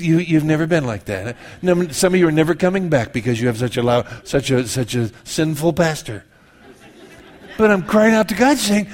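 Lively, self-mocking male pastor preaching. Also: sits high, a little fast. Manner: conversational, self-mocking, swings from loud to hushed. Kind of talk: sermon. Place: church.

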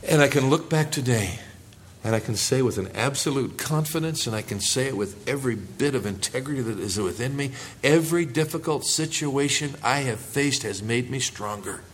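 A man's voice: medium pitch, moderate pace, a little hiss or hum. Man preaching a sermon with emphatic lifts. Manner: preaching with rising emphasis and congregation call-and-response. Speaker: pastor.

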